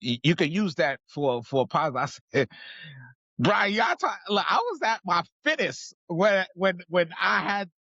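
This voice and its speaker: A man's voice: high-pitched, expressive, a little slow, vocal fry, sharp tone, breathy edge, no room sound, dull audio. A man hosting a podcast, pumping up the audience and talking straight to the listeners in a hyped style. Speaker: podcast host. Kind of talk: energetic podcast intro and chat.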